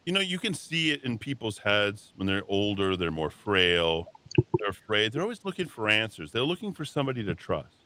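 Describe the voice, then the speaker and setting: A man's voice: lowish voice, very animated, fairly quick, pushed and bright. A man hosting a talk radio show, delivering a heated, combative monologue in a radio studio. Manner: combative, heated, mocks callers with put-on voices.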